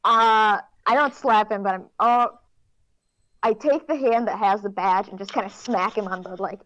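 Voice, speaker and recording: A woman's voice: medium pitch, moderate pace, fairly bright tone, no room sound, poor audio. Playful young female player, dry close recording. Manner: playful, teasing. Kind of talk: casual tabletop play.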